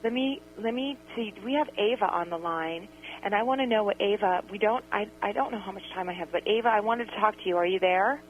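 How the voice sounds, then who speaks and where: A woman's voice: mid-range voice, slight background noise. Impassioned woman radio host. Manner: impassioned, rushes and repeats phrases. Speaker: radio talk show host. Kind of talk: radio call-in show. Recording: slightly dull radio broadcast.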